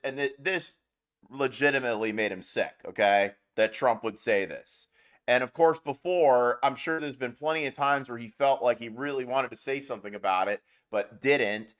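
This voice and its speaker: A man giving casual, exasperated reaction commentary. He rants and talks over the clips he plays. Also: medium pitch. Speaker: political commentator.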